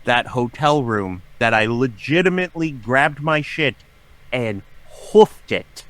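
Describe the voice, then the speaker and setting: Middle-aged man, swearing, dramatic storyteller, medium pitch, close dry mic. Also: animated, slow, no echo. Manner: profane, dramatic, acts out his own shouting. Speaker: podcast guest. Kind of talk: animated storytelling.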